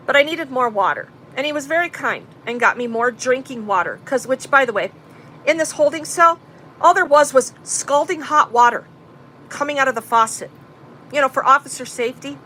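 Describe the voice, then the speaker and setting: A woman's voice: fairly high pitch, pushed and bright, a little hiss or hum, low-quality recording. A woman telling a story in casual talk to her live chat, blunt and profane. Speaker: vlogger recounting an arrest.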